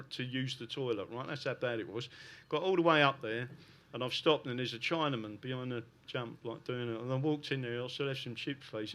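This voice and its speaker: A man with a South London accent speaks to a live audience with heavy emphasis. His voice sits a little high and rings brightly. He keeps driving his points home with a quick "right?". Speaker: guest speaker. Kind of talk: live podcast talk to an audience.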